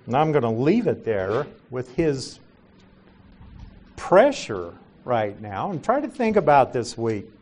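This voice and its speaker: This Bible teacher, a man with a medium-pitched voice, moves through the scripture at a slow pace, his delivery animated and full of rises and falls. Patient in his explanations, he repeatedly turns things around by questioning his audience.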